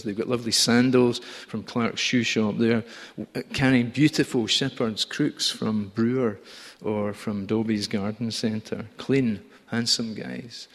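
Low-voiced preacher in an echoing church. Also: male voice. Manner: conversational, gently humorous storytelling. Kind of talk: sermon.

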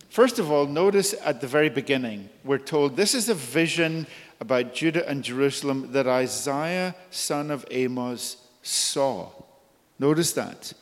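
Slow earnest preacher in a reverberant hall. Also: male voice. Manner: slow, earnest, rises high and urgent when voicing God's appeals. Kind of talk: sermon.

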